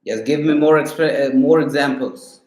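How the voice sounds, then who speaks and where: A man's voice: a little high, normal speed, a little mellow, roomy sound. A man talking as a student, hesitant and full of fillers, asking the tutor for more practice. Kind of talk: halting spoken requests.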